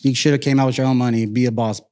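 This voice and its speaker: A man's voice: mid-range voice, fairly even intonation, racing, a little mellow. A man working as a nightclub security guard, chatting casually, laid-back, laughing often and swearing freely. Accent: Californian. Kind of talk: casual chat.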